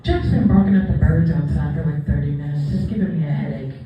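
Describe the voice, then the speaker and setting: A woman's voice: low-pitched, quick pace, dull audio, soft background music, pitched below the performer's own voice, natural voice. Woman doing Tucker, a fed-up sensible dog. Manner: dry, matter-of-fact phone messages. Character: grown-up male pet dog, calm and fed up. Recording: echoey bar room from far.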